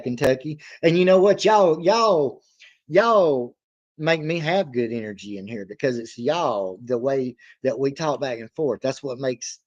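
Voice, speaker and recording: A man's voice: mid-range voice, muffled recording. A man, chatting casually as a livestream host, rambling in a folksy way, laughing often and reading viewer comments aloud.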